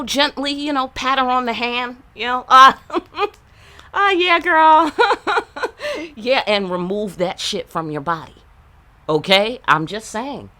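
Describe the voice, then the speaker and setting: With a sharp tone at medium pitch, this woman reads tarot and gives relationship advice that's blunt, profane and streetwise. The casual channeled reading is packed with rhetorical questions and asides.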